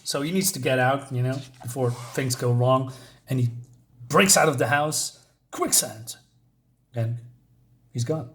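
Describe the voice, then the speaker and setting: A man's voice: mid-range voice, measured pace, pauses often, a bit bright. A man casually recapping a comic book in a loose, chatty way. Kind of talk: casual recap and read-aloud.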